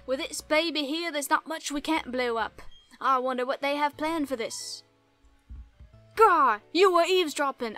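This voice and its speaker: Woman doing a shouty bratty villain grunt. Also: sits high.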